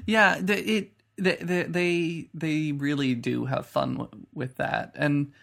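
Man, podcast co-host, gravelly voice, casual review chat, skeptical. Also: on the high side, fairly even intonation, takes it slowly, a bit bright.

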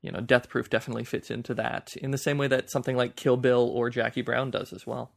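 A man's voice: medium pitch, little pitch movement, quick pace, vocal fry. A man co-hosting a podcast, talking about films thoughtfully and stammering as he starts his sentences. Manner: stammers on openings, thoughtful and explanatory. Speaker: podcast co-host. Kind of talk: casual film chat.

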